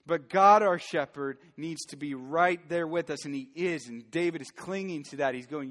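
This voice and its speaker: A man's voice: a little high, moderate pace, few pauses, a bit bright. A man preaching a sermon as pastor, earnest and building to fervent emphasis. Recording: long church hall reverb.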